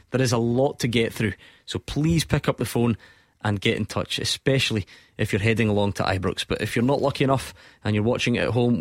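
A man's voice: mid-range voice, dry recording, clean studio sound. A man hosting a radio sports phone-in, conversational and inviting callers to ring in. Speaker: radio sports show host.

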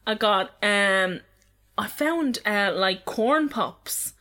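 A woman's voice: medium pitch, expressive, extremely slow, sharp tone. A young woman co-hosting a podcast, chatting casually with lots of swearing and fillers. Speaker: podcast co-host. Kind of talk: casual chat.

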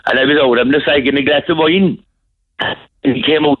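A man's voice: a little high, a little fast. A man with a Cork accent calling a radio show, telling a rambling story. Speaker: caller. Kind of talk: casual phone-in chat. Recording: tinny phone line.

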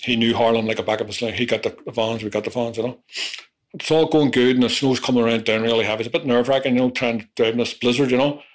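A man's voice: medium pitch, fairly even intonation, quick pace. A man recounting his past in a rambling, profane confessional storytelling style. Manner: rambling, profane, peppered with "you know". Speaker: interviewee.

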